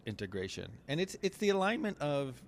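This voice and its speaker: A man co-hosting a casual podcast, thoughtfully explaining ideas step by step with small pauses and fillers. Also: a little high, very animated, slight background noise. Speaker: podcast co-host.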